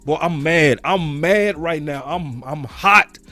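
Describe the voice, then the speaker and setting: A man's voice: on the high side, takes it slowly, pushed and bright, faint music behind. A man from Dallas hosting a sports talk show, ranting passionately and cursing freely. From Dallas, Texas.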